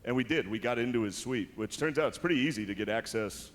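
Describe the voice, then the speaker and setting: A man's voice: mid-range voice, fast talker. Dry stand-up comic, man. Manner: dry delivery, slips into exaggerated impressions. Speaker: comedian hosting an awards show. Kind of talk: stand-up monologue. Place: large arena stage with live audience.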